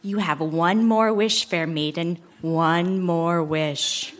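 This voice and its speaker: A woman voicing a creepy fairy godmother in a childhood story she reads aloud on stage, in a slow, low, eerie voice. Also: steady tone.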